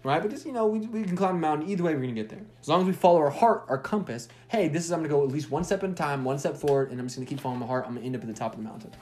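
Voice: mid-range voice, rapid-fire, hardly any pauses, a little mellow. A spiritual self-help speaker giving a casual motivational monologue, repeating phrases for emphasis and swearing freely.

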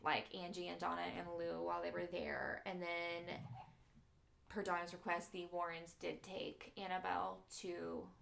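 A woman's voice: fairly low pitch, flat delivery, moderate pace, vocal fry, a bit bright, slight background noise. A woman podcast host casually retelling a true story in a studio, chatty with many fillers.

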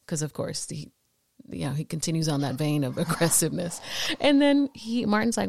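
A woman in her late thirties, of Puerto Rican background, telling a personal story in a podcast chat, animated and laughing as she acts out the quotes. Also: fairly low pitch, fairly quick, vocal fry, no echo, clean studio sound. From Puerto Rico. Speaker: podcast guest. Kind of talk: casual storytelling.

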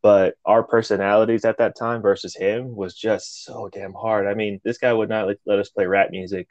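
A man's voice: lowish voice, normal speed, no room sound, muffled recording. A man co-hosting a podcast, telling a story casually and animatedly, with plenty of swearing and acted-out quotes. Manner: animated, profane, acts out quotes. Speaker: podcast co-host.

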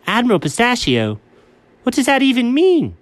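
Picture a fussy cartoon cat, voiced by a man with a squeaky, sharply rising voice. He objects to everything in a comedy sketch. His pitch leaps around wildly, and the recording sits close and dry. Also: huge pitch swings, no room sound, full character voice. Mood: indignant. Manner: squeaky, indignant, quick to object. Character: excitable high-voiced cat, fussy and easily flustered. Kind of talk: comedic two-character sketch.

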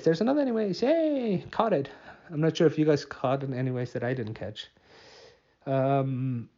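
Man, podcast host, tired, rambling, self-mocking, mellow voice, slightly muffled lo-fi sound. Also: medium pitch. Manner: rambling, self-mocking, with many restarts and fillers. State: tired, yawning. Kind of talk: casual solo podcast monologue.

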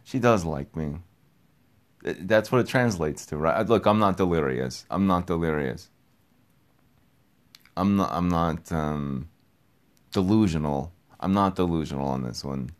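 A young man talking in a casual, rambling monologue, repeating himself, getting excited and swearing offhand. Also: sits low, measured pace, pauses often. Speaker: podcast host.

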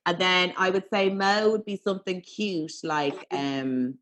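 Woman comic on a video call, bright voice, teasing and blunt. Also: fairly low pitch. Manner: teasing, blunt, quick storytelling. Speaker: comedian panelist. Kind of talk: comedy panel show chat over video call.

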